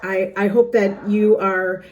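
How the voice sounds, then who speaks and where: A woman's voice: mid-range voice, fairly even intonation, slow, lo-fi sound, slight background noise. A middle-aged woman hosting her own journaling channel, talking earnestly to the camera in her planner room at home, chatty, with small laughs and restarts. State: a little out of breath. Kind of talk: casual heartfelt talk to camera. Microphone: camera facing her.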